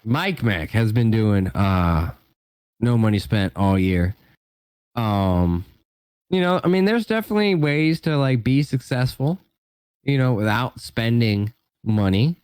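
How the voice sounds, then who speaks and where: A man chats as a guest on a relaxed podcast, in a mid-pitched voice recorded dry and close. He rambles loosely and leans on filler words as he thinks aloud. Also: unhurried, clear, resonant tone, no room sound. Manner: rambling, heavy use of "like" and "you know". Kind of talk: casual podcast chat.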